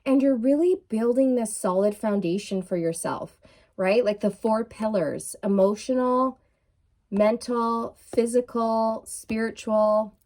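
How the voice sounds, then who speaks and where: A woman giving a casual, excitable tarot reading to her viewers, full of fillers and restarts, with a frog in her throat. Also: fairly high pitch, a little slow. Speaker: tarot reader. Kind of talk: intuitive tarot reading to camera.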